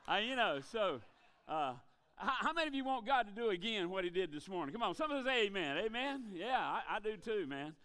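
A man preaching a revival sermon in a church, telling jokes in a folksy, animated way. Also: sits high, brisk, smooth. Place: church sanctuary.

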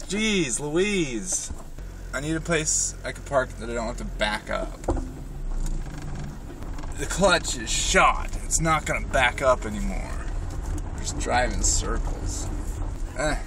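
A young man talking to himself while driving, rambling and joking, recorded from a distance with road noise behind. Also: mid-range voice. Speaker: vlogger. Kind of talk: casual talk while driving. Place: in a car.

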